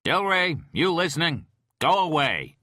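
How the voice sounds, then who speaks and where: A man's voice: mid-range voice, big pitch swings, a little fast, sharp tone, no room sound, clean studio sound, voice pushed up. A man voicing a hot-tempered male police captain in an audiobook who barks angrily. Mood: furious. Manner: angry, barking.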